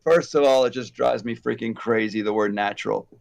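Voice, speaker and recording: A man in his fifties hosting a casual chat about hair extensions, rambling and animated with many fillers and asides. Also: medium pitch, a little fast, creaky. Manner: rambling, animated, self-deprecating, frequent fillers. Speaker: hair extension educator, host.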